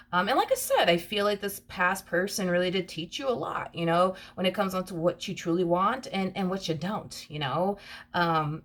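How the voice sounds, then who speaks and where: A woman giving a casual tarot reading, chatty and emphatic, repeating points and calling the listener honey. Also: on the low side. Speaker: tarot reader.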